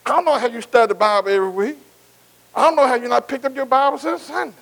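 A man's voice: very high-pitched, fast, gravelly, fairly bright tone, poor audio. A man. He repeats himself for emphasis and keeps asking the congregation to finish his lines and say they're with him. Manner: call-and-response, asking the congregation to answer; repetitive, emphatic preaching. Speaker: preacher. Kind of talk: sermon.

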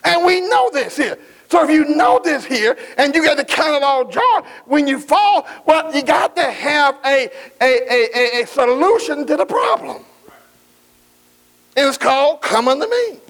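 A man's voice: very high-pitched, big pitch swings, gravelly, a bit bright, poor audio. A man preaching a sermon, calling out to his congregation, stretching out scripture lines and dropping folksy asides. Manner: call-and-response preaching, drawn-out scripture quotes, folksy asides. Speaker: pastor.

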